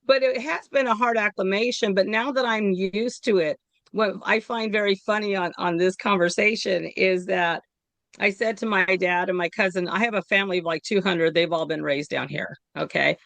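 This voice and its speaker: A woman in her fifties from the California Bay Area, a guest telling stories in a casual chat, animated and quick to laugh. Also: medium pitch, vocal fry, no echo. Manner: animated storytelling with laughs and acted quotes. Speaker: guest, local activist.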